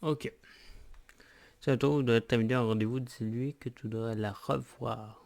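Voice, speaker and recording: A man's voice: mid-range voice, steady tone, moderate pace, gravelly, darkish tone. A man casually commenting on a dating game while playing it. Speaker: gameplay commentator. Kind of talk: casual let's play commentary.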